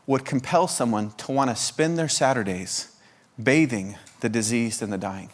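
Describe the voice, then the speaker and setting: A man with a medium-pitched voice and moderate pace preaches as a guest preacher. He fires off repeated rhetorical questions and, when pressing a point, stumbles into restarts and stammered repetitions.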